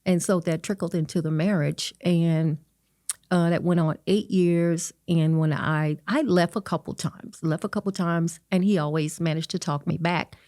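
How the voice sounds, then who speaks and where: A middle-aged woman speaks into a close podcast mic in a dry, dead room, her voice sitting low for a woman. She tells her story earnestly, pausing and restarting often and leaning on "you know" as she goes. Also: a little mellow, no echo. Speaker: interview guest. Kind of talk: personal storytelling in an interview.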